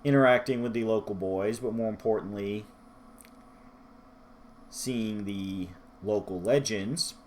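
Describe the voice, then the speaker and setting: Man, book review vlog, unhurried, rambling, self-deprecating, faint hiss behind. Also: lowish voice, darkish tone. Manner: rambling, self-deprecating, loses his place in his notes.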